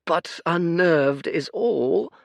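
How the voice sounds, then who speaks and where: Man putting on a tired, teary old seer: high, quavering croak, dry close sound. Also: lively intonation, extremely slow, dry recording, heavily acted. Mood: weary, sorrowful. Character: old weary male seer, teary and sorrowful.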